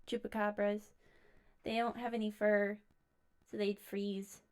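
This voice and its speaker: A woman hosting, reacting casually to scary stories with quick asides and interjections. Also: mid-range voice, level tone, smooth.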